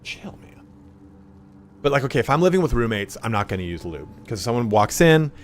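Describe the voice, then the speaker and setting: A man's voice: medium pitch, big pitch swings, a little fast. A man streaming a game, telling profane, rambling anecdotes and acting out the voices in them. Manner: acts out voices in his stories. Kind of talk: casual chat while gaming.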